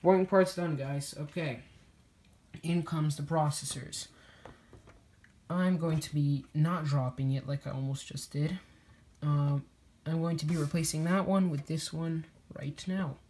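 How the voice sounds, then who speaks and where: A woman's voice: deep voice, fairly even intonation, measured pace, mellow. A woman casually talking viewers through building a computer, chatty and a little slurred. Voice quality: slurred speech. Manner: chatty, addresses viewers as guys. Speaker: PC builder vlogger.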